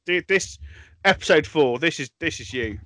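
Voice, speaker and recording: A man's voice: fairly high pitch, expressive, background noise. Exasperated swearing man. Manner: exasperated, swears a lot, halting restarts. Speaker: podcast co-host. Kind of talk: bickering comedy podcast banter.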